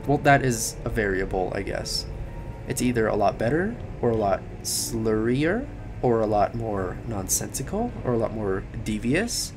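A tired young man giving late-night game commentary, rambling, swearing and yelling at the game. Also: on the low side, sing-song, normal speed, music in the background. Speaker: gaming commentator.

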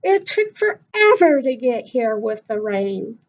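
Chatty eager little girl, read by a woman, higher than normal, lo-fi. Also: big pitch swings, a little slow.

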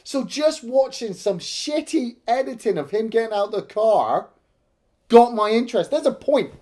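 A man's voice: very high voice, lively intonation, normal speed, warm tone. A man co-hosting a casual film review, ranting with exasperation and constant swearing. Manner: profane, exasperated, heavy swearing.

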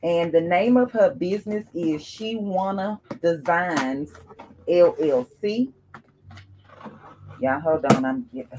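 A woman chatting casually to her viewers as she unboxes gifts, calling them y'all and breaking into excited exclamations. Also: fairly low pitch, slight background noise.

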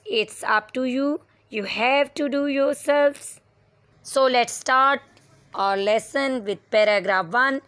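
A woman teacher giving an online English lesson, reading a passage aloud slowly and explaining word meanings with occasional fillers. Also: on the high side, a bit bright, dry recording. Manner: slow, deliberate reading with fillers.

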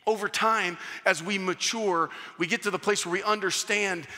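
A man preaching a conversational sermon, telling a family story in a lively, self-mocking way. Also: normal speed. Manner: animated, self-mocking, acts out a crying child in high pitch. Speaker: pastor. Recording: long hall reverb.

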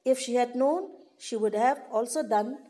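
Lady teacher going over a story for a class, repeats stuff, highish voice. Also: normal speed, dark tone. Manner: explanatory, repeats and rephrases for pupils. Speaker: English teacher. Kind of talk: reading a story aloud and explaining it.

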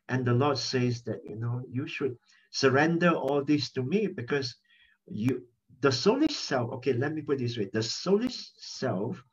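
Middle-aged male pastor, husky voice, animated and repetitive, dull phone-line sound. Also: mid-range voice. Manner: animated, repeats key phrases for emphasis. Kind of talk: conversational sermon over a prayer chatline.

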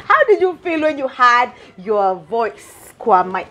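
A woman hosting a casual talk show interview, bubbly and quick to laugh, mixing English with Swahili slang. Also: on the high side, animated, a bit bright.

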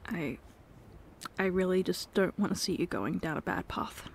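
A woman in a whispered role-play as a girlfriend, talking softly and earnestly, swinging between hushed pleading and sharp, swearing exasperation. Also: fairly low pitch, normal speed, gravelly, a little hiss or hum. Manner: swears when frustrated. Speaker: ASMR role-play performer.

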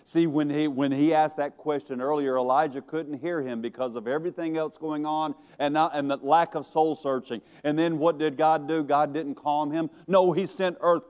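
A man preaching a sermon, moving from strong emphasis to hushed soft passages, with some stumbling restarts. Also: on the high side, fairly even intonation, normal speed, few pauses, smooth. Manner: dramatic shifts to hushed, soft delivery for quiet passages; stumbling restarts and repeated words. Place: church sanctuary.

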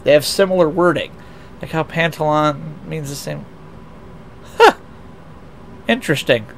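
A young VTuber from the United States chats casually on a racing game livestream, reading chat aloud and rambling with many restarts and self-deprecating asides. His voice is on the high side, a little slow, and gravelly, over slight background noise.

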